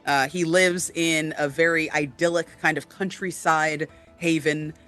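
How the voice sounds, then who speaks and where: A woman's voice: sits low, steady tone, unhurried, fairly bright tone, soft background music. A woman co-hosting a casual chat about tabletop games, with lots of fillers, often checking in with "right?". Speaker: podcast co-host.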